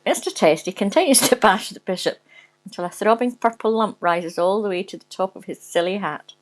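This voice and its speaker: A woman's voice: mid-range voice, expressive, fairly quick, low-quality recording. A woman reading a rude comic story aloud, often giggling as she goes. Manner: giggly, breaking into laughter while reading.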